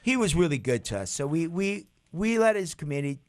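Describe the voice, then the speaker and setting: A middle-aged man, a guest musician, animatedly telling stories in an interview and acting out quotes in a higher voice. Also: big pitch swings, a little fast, no echo, clean studio sound. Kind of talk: interview storytelling. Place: radio studio.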